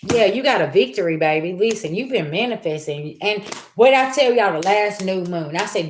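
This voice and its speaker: A woman's voice: medium pitch, moderate pace, roomy sound. Chatty woman giving a tarot reading. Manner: colloquial, talks straight at the audience; acts out quoted people in lively voices. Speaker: tarot reader. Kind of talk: casual tarot reading to viewers.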